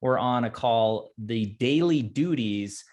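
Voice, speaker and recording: A man's voice: medium pitch, expressive, slow pace, darkish tone. A man hosting a webinar interview, enthusiastic and full of praise, using fillers like "you know". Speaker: webinar host.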